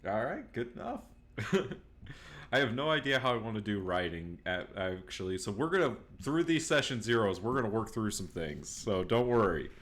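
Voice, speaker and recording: A man narrating as game master in a tabletop game, casual and halting with many fillers. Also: lowish voice, sing-song, fairly bright tone.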